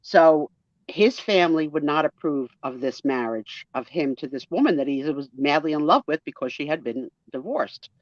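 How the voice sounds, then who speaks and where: Animated storytelling woman with a New Jersey accent. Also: deep voice, normal speed, no room sound. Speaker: guest storyteller. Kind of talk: casual chat. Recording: muffled lo-fi audio.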